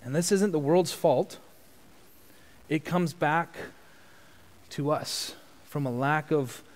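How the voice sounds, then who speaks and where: A man preaching a sermon in an earnest tone, swelling into loud emphasis. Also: a little high. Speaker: pastor. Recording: long church reverb.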